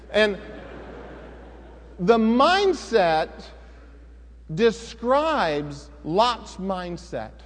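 High-voiced man preaching in a reverberant hall. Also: lively intonation, normal speed. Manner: folksy, conversational storytelling with sudden emphatic rises. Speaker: pastor. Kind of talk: sermon with personal storytelling.

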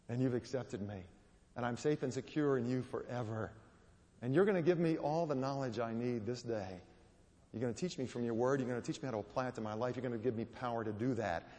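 A man's voice: medium pitch, a little mellow. A man preaching a sermon in a church, telling stories and building to emphatic peaks. His voice rings out with a long reverb around it. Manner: storytelling with rising emphasis. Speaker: guest preacher. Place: church or hall.

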